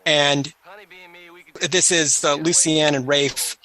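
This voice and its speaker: A man's voice: a little high, steady tone, slow pace, sharp tone. A man giving a casual, chatty film commentary, full of anecdotes and trivia.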